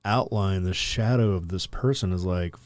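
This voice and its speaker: A man's voice: low-pitched, moderate pace, a little mellow, no echo. A man co-hosting a podcast, telling a story in a rambling, casual way full of fillers and profanity. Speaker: podcast co-host.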